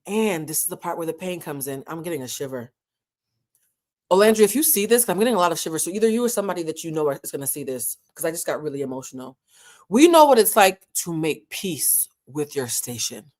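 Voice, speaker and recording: A woman's voice: sits low, big pitch swings, darkish tone. Candid emotional woman commentator. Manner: candid, emotional, dramatic pauses.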